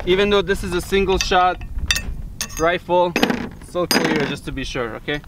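A man's voice: high voice, normal speed, heavy background noise. A man hosting his own vlog outdoors in the desert, talking loosely to viewers with plenty of fillers. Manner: loose and chatty, with frequent fillers. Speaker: firearms channel host. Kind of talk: casual vlog talk to camera.

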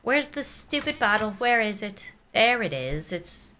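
Brief: young woman, excitable let's play host, bright and lively, giggles often. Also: mid-range voice, unhurried. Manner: excitable, giggly, talks to the game baby. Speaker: gaming YouTuber.

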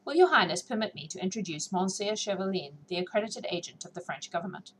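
A woman's voice: mid-range voice, expressive, fast talker, slight background noise, natural voice, low-quality recording. A woman reading the part of a formal male statesman hosting a ball in a classic novel audiobook, deferential and ceremonious.

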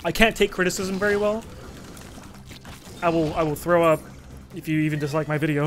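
A young man giving excitable, jokey let's play commentary, swearing freely and breaking into sudden shouts. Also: fairly high pitch, fairly quick, long pauses, faint music behind. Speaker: gaming commentator.

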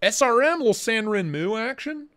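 A man hosting a casual livestream, talking in an excitable, slangy way and swearing freely. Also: very high-pitched, normal speed. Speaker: livestream host.

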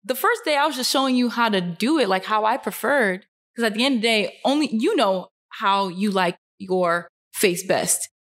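A young woman, a fashion model, talking casually to camera from her couch, earnest and animated, her pitch jumping up on emphasis, with many fillers. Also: moderate pace. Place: indoors, seated on a couch.

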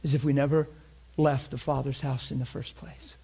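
A man preaching a sermon, telling a story with bursts of laughter and dropping to a hushed, reverent voice. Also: mid-range voice, normal speed, creaky, breathy edge. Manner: animated, laughs often, drops to a hushed tone for reverent parts.

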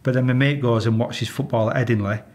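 A man's voice: mid-range voice, fairly even intonation, quick pace, darkish tone. A man with a Yorkshire accent, a retired police officer telling stories in an interview, blunt and exasperated, swearing freely. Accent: Yorkshire English. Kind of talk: candid interview storytelling.

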